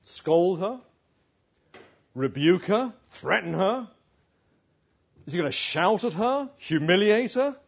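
Slow, breathy preacher. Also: male voice. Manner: expressive, with dramatic pauses and soft, hushed lows. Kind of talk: expository sermon. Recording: dull lo-fi recording.

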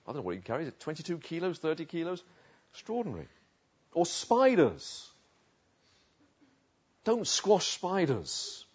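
A man preaching a sermon, swinging between hushed asides and emphatic, rising declarations. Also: on the high side, slightly rough. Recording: dull lo-fi recording.

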